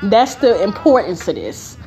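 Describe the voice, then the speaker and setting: A woman's voice: medium pitch, sing-song, a little slow, dark tone, soft background music. A woman podcast host telling a personal story in a blunt, heavily profane, emphatic way.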